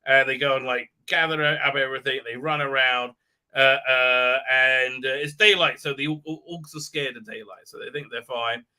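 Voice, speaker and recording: A man's voice: mid-range voice, steady tone, normal speed, bright, forceful tone. A man hosting a live stream, giving a sarcastic, rambling recap with many "uh, uh" hesitations and sneering asides.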